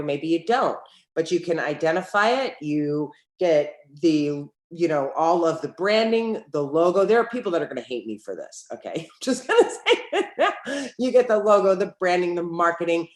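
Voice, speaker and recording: A middle-aged woman, an entrepreneur guest on an interview, telling stories in a lively way and acting out the dialogue in them. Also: sits low, normal speed. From United States. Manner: lively storyteller who acts out quoted dialogue. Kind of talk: conversational interview. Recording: roomy echo.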